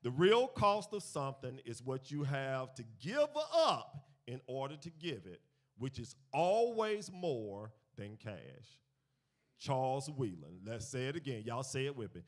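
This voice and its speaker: The church teacher giving this finance talk has a medium-pitched voice and speaks a little slowly. Before the gathered congregation, he tells animated stories, leads call-and-response, repeats key phrases, and moves from quiet to loud.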